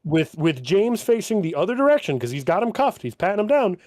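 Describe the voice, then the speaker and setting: A middle-aged man co-hosting a podcast, talking about a movie in an excitable, swearing way. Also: high voice, fairly quick. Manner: excitable, swearing, laughs while telling. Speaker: podcast co-host. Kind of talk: casual movie discussion.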